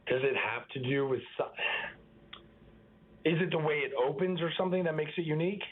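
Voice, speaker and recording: A young man from the Boston area, a baseball pitcher, chatting casually as a guest with lots of fillers and restarts. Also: fairly quick. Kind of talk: casual interview on a phone line. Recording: tinny phone line.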